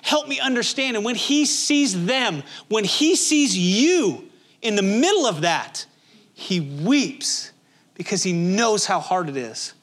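A man's voice: high voice, very animated, slow, fairly bright tone. A male pastor preaching a sermon in a conversational, emphatic way, with many rhetorical questions.

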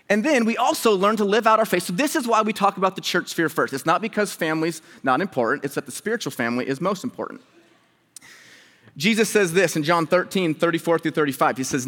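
A pastor, a man with a slightly high voice, preaches in a relaxed, conversational way. The sound carries the long reverb of a large hall. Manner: conversational and animated, acting out quoted dialogue with rising pitch. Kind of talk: sermon with storytelling.

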